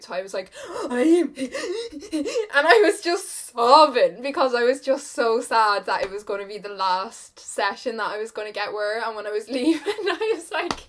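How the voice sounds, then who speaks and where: A young Irish woman in her twenties chatting rambly and confiding while she does her makeup at home, full of "like" and "kinda". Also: fairly high pitch. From Ireland. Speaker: beauty vlogger. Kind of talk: chatty get-ready-with-me talk.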